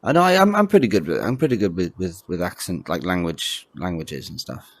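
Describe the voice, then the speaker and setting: Low-voiced, lively, laughing man. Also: a little fast, no room sound. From Wales. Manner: laughs often, restarts and repeats words. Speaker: podcast co-host. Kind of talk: casual chat.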